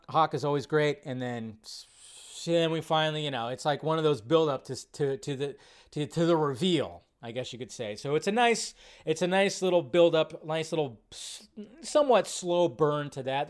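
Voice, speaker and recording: Chatty man with a fairly high voice. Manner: rambling, animated reactions. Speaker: livestream host. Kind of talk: casual livestream chat.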